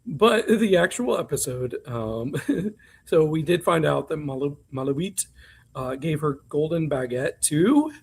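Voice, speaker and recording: A man's voice: on the high side, animated, a little slow, vocal fry, darkish tone, breathy edge. A man co-hosting a podcast, recapping reality TV in a chatty, candid way with frequent ums and asides. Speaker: podcast co-host. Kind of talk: casual chat recapping reality TV.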